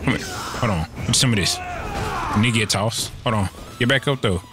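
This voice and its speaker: A man's voice: fairly low pitch, moderate pace, loud music behind the voice. Man trash-talking through his gameplay. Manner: loose, profane, slang-heavy banter with playful trash talk at the screen. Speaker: let's play gamer. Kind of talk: casual gameplay commentary.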